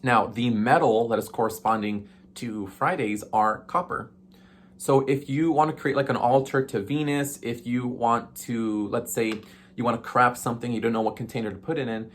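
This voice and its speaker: A man's voice: mid-range voice, normal speed. A man hosting a casual witchcraft tutorial, chatty and playful with sassy asides and frequent ums. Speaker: witchcraft video host.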